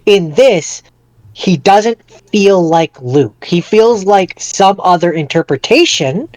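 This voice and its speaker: A man's voice: sits high, animated, slow, a little mellow, dry recording. A man co-hosting a podcast in casual chat, who makes his points emphatically and repeats them. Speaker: podcast co-host.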